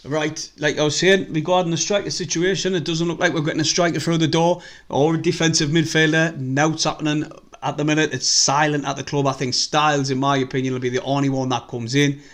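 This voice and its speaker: A man's voice: a little high, level tone, brisk, a bit bright. Chatty North East English man streaming. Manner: rambling, chatty, swears freely. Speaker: football fan live-streamer. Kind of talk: casual live-stream chat.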